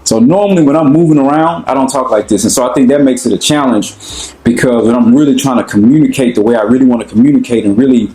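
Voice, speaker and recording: A young American man with an African American accent, talking casually and relaxed about his own experiences, with lots of slang. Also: mid-range voice, fast, echoey room, poor audio. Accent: African American English. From United States. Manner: relaxed, conversational, slangy, often asks "you know what I'm saying". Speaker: interviewee. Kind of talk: casual personal talk.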